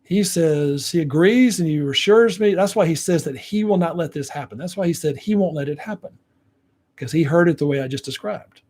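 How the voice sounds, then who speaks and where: A man's voice: fairly high pitch, fairly quick, darkish tone. A man giving relationship advice to viewers, acting out what partners say to each other to explain how men hear it. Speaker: relationship coach.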